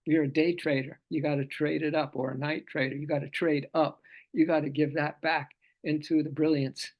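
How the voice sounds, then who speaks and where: A man's voice: fairly high pitch, level tone, moderate pace, highs cut off. A man teaching a live scripture study class in a loose, playful way, laughing often and repeating phrases.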